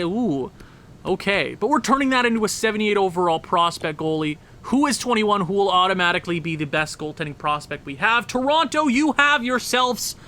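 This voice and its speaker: A man giving casual, rambling commentary on a hockey video game, excitable and often correcting himself. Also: sits high, a little hiss or hum. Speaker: gaming commentator.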